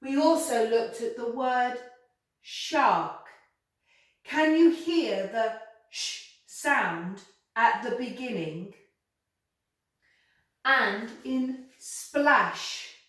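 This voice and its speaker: A woman teaching children a slow English phonics lesson, sounding out letters clearly and encouraging them to repeat. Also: fairly high pitch. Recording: very echoey room, voice from a distance.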